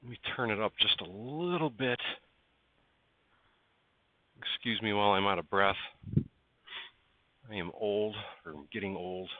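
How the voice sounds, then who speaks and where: In a dry, tinny, phone-like recording, a man with a fairly low voice talks a little slowly, leaving long pauses. He's hosting a casual livestream from his workshop barn, chatting, calling out viewers by name, and coaxing parts while he works.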